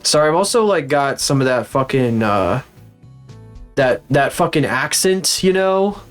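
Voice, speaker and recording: A man's voice: medium pitch, very animated, measured pace, faint music behind. A man streaming live as a VTuber, rambling and cursing in frustration while still recovering from being sick. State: recovering from illness. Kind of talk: casual live-stream chat.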